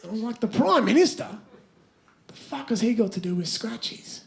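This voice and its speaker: A man's voice: high-pitched, lively intonation, normal speed, vocal fry. Guy doing a cocky foul-mouthed aussie bloke, voice jumps all over, telling it on a theatre stage. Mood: brash. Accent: Australian. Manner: sweary, blustering, breaks to laugh. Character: crude brash young Aussie bloke, swaggering. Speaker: stand-up comedian in character. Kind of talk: stand-up character storytelling.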